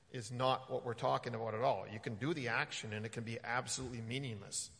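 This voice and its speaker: A man preaching in a loose, conversational way, with a gravelly edge to his voice and frequent ums and restarts. His words ring out with a long hall reverb behind them. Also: mid-range voice, steady tone, a bit bright. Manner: conversational, halting with fillers and restarts. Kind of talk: sermon.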